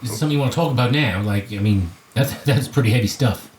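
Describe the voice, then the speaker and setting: A man's voice: medium pitch, fast talker, a little hiss or hum. A man playing a tabletop game in a laid-back, joking way. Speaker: player. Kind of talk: casual tabletop game play. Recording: echoey room mic.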